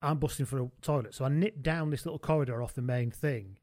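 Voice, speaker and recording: A man co-hosting a rugby podcast, telling stories in a casual, animated, laughing way and swearing freely. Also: mid-range voice, quick pace, no echo, studio quality. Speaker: podcast co-host. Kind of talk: casual chat, comic storytelling.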